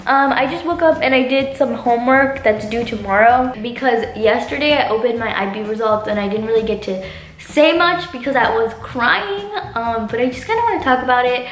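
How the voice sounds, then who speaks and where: A woman's voice: a little high, brisk, a little hiss or hum. A young woman vlogging casually to camera at home, chatty and full of "like" and "literally". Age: young adult. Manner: chatty, filler-heavy, says "like" and "literally" often. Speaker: college vlogger. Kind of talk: casual vlog talk to camera. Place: indoors at home. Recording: roomy, echoey room with music behind.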